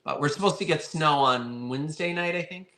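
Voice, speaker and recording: A chatty, friendly man runs a live online vintage sale, his voice sitting a little higher than most men's. He talks casually to his viewers and keeps thanking them. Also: fairly quick, sharp tone. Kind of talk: casual live-stream chat.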